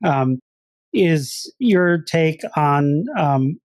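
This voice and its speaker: A man's voice: fairly high pitch, drawn-out words, no room sound, clean studio sound. A man hosting a podcast interview, asking questions politely with hesitant fillers. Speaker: podcast host.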